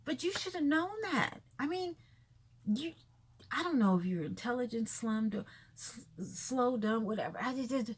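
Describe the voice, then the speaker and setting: A woman's voice: fairly high pitch, expressive, normal speed, breathy edge. A woman vlogging her blunt, exasperated commentary on celebrity gossip, repeating herself as she talks.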